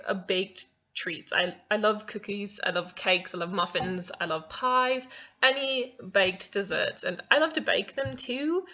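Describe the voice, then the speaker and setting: Woman doing a fake British accent, giggly, rambling, bright tone, muffled lo-fi audio. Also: mid-range voice. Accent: put-on British. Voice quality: self-conscious, giggling, rambling. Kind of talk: vlog Q&A. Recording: dull lo-fi home recording.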